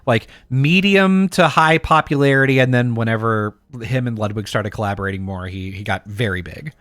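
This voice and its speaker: A man co-hosting a podcast in casual chat, animated and swearing freely. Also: mid-range voice, moderate pace, no room sound. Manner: animated, swears freely, acts out goofy voices. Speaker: podcast co-host.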